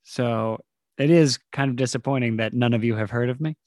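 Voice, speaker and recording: A man's voice: mid-range voice, fairly quick, darkish tone, no echo, studio quality. Laughing rambling man in his thirties. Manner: laughing, rambling, slips into mock voices. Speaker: comedian guest. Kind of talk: casual podcast chat.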